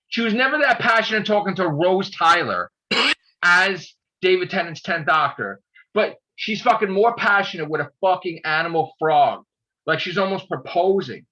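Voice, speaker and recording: A man's voice: fairly high pitch, sharp tone, husky, highs cut off. A man in casual chat, ranting with heavy profanity. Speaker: podcast host.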